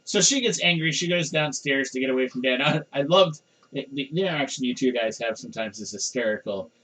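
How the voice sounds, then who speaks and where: A man's voice: medium pitch, a little fast, low-quality recording. Middle-aged male podcast host, loose rambling delivery. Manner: rambling, animated, chuckles often. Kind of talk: casual chat.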